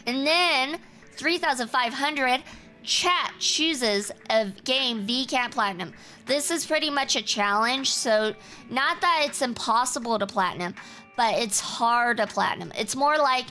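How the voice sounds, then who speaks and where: Woman streamer, bright forceful tone, casual teasing chat over soft background music. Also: a little high, unhurried. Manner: chatty, teasing and self-assured.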